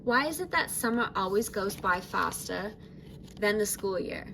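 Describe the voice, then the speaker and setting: A woman's voice: medium pitch, expressive, a little slow, vocal fry, pushed and bright, slight background noise, exaggerated voice, poor audio. Lagoona, a woman putting on a chill surfer sea-monster girl. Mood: breezy. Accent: put-on mix of British, Australian and American. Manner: breezy, chill beach talk. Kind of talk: reading a character diary aloud.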